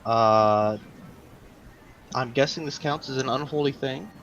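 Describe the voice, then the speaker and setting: A man playing a tabletop game, eager, asking questions in quick restarts. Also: medium pitch, fairly bright tone, a little hiss or hum. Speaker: player. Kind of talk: casual tabletop game play. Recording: dull lo-fi mic.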